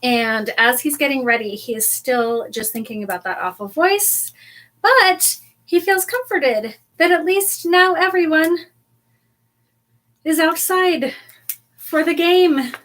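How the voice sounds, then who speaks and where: A woman co-hosting a live podcast, recapping a book chapter in casual chat, animated and laughing often as she acts out the characters. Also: high voice, slow. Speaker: podcast co-host.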